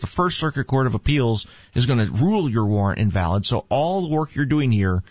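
A man's voice: medium pitch, lively intonation, normal speed, hardly any pauses, no room sound. A man chatting casually, telling rambling joking stories. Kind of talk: casual chat. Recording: dull lo-fi sound.

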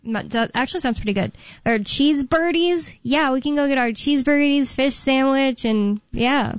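Casting: chatty radio co-host woman, higher voice, dry muffled studio sound. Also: no echo. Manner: giggly, chatty, reads news aloud haltingly. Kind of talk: casual on-air chat.

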